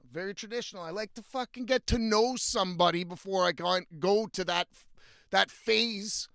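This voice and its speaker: A man's voice: high voice, pushed and bright, no echo, clean studio sound. A young man telling a story in a casual, blunt and profane rant, often exasperated. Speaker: vlogger.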